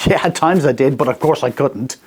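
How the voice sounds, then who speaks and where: A man's voice: mid-range voice, fairly quick, darkish tone, slightly rough. A man in his sixties hosting a radio faith talk, earnest and personal, speaking in short repeated phrases. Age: 60s. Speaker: radio host. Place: radio studio.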